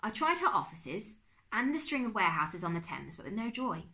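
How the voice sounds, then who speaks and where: An excitable middle-aged uncle, put on by a woman reading a storybook aloud, fussy and quick to exclaim. His voice swings widely up and down as he lectures and frets. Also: medium pitch, pitched above the performer's own voice. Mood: explaining. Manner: exclaiming, spluttering.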